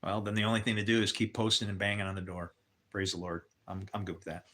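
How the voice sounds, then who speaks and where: A man's voice: on the low side, flat delivery, quick pace, fairly bright tone. An older man telling candid personal stories on a livestream, swearing and adding religious asides. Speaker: livestream host. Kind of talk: rambling personal storytelling.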